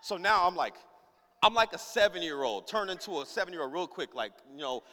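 A man's voice: high voice, expressive, fairly quick, pushed and bright, big-room sound. A man preaching as a pastor, telling a funny story in a casual, slang-heavy way and acting out every character in it. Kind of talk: storytelling sermon.

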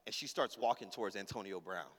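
A man's voice: lowish voice, quick pace, fairly bright tone, in a large hall. A man preaching as a pastor, telling a funny story in a casual, slang-heavy way and acting out every character in it. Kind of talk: storytelling sermon.

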